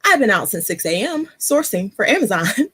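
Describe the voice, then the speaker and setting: A woman's voice: medium pitch, very animated, brisk, fairly bright tone, breathy edge. A woman hosting a casual live stream, a little out of breath and chatty, laughing often. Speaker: host.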